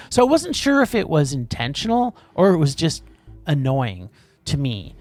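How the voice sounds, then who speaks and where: Gravelly guy doing casual movie review chat, voice jumps all over, faint music under it. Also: on the high side, no room sound. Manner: animated, quick, trips over words, restarts. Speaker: podcast co-host.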